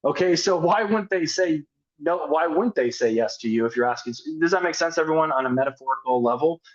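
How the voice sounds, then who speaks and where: A man with a slightly raised pitch speaks in a casual, energetic coaching style, acting out little sample conversations to show how to ask for business. The sound is dull and a bit lo-fi. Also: fairly quick. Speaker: network marketing team leader. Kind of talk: motivational sales coaching talk.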